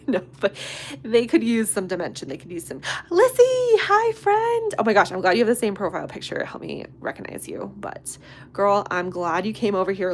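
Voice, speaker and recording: A woman's voice: medium pitch, slight background noise. Bubbly woman chatting on a live stream. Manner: chatty, bubbly, greets viewers by name, drops to soft asides. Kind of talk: casual live-stream chat while sculpting.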